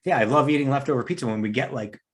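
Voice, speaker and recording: A young man with a mid-range voice talks quickly in a casual podcast conversation. He is playful and stubbornly insistent. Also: mid-range voice. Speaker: podcast co-host. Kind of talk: casual chat.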